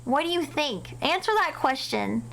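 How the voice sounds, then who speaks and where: A woman streaming a horror game live, excitable and cursing a lot, shrieking whenever something startles her. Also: high-pitched, moderate pace, vocal fry, low-quality recording. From United States. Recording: loud game noise behind the voice.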